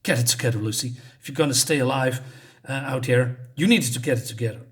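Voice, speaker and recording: A man's voice: medium pitch, quick pace, natural voice. A man reading the lines of a rattled, defiant young woman biker from a comic.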